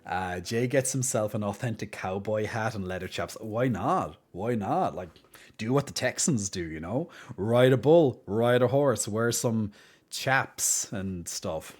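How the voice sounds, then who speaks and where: A man's voice: on the low side, animated, a little slow, husky. An Irish man streaming, chatting casually with viewers in a rambling way full of fillers. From Ireland.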